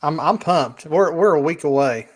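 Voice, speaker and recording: A man's voice: on the high side, expressive, normal speed. Easygoing joking co-host, man. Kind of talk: casual livestream chat.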